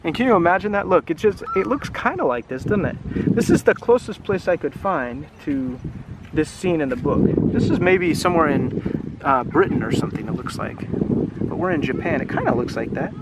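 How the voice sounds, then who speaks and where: Reading a children's picture book by the water, an English teacher talks with his listeners and asks them questions as the story unfolds. His fairly high male voice moves quickly with big pitch swings. Heavy wind noise is audible outdoors.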